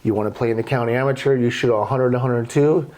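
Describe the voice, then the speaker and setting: Middle-aged guy, mid-pitched voice, casual and salty yarn-spinner. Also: quick pace. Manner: profane, animated storyteller. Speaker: golf podcast guest telling stories. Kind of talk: casual storytelling.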